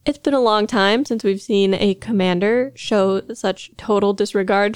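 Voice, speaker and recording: A woman of middling pitch discusses on a podcast in an animated way, playfully acting out lines. The recording is dry and close. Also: a little slow, clear, resonant tone, dry recording. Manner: animated, acts out quotes playfully. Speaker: podcast co-host. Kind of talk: analytical discussion.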